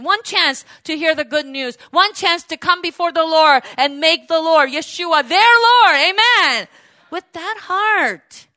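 Woman preacher, high and bright, casual animated sermon style with playful acted-out quotes. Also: no echo, studio quality. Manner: animated, acts out quoted voices, laughs often. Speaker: pastor.

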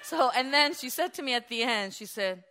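A woman pastor preaching a sermon, animated, swinging from hushed, quiet stretches to loud exclamations. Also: high voice, moderate pace, a faint crowd, a little hiss or hum.

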